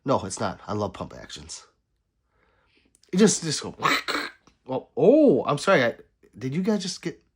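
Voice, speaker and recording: Husky, animated man joking with chat. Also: medium pitch, a little slow, pauses often. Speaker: livestreamer. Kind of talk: casual livestream chat reading.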